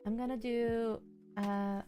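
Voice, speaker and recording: A woman's voice: fairly high pitch, flat delivery, takes it slowly, soft background music. A young woman streaming live, chatting casually and musing to herself and her chat while she journals. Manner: soft, musing, talks to herself and chat with many fillers.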